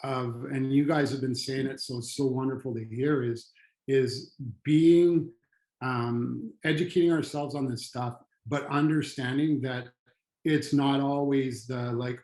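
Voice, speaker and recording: A middle-aged man, a retired firefighter who now trains people on trauma and resilience, telling a personal story in a halting, earnest way with frequent restarts. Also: mid-range voice, steady tone, darkish tone, roomy sound, poor audio.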